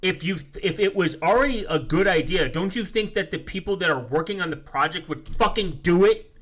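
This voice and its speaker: A man live-streaming in a casual, profane rant, reading viewer comments aloud and quickly flaring up as he rebuts them. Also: high-pitched, animated, fairly bright tone. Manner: profane, quick to flare up angrily. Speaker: live streamer answering chat.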